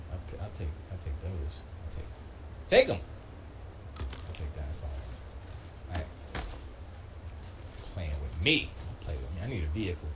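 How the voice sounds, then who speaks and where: A man's voice: sits low, lively intonation, moderate pace, pauses often, fairly bright tone, a little hiss or hum. A man chatting casually on a live stream while gaming, slangy and trash-talking. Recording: music playing behind. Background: music.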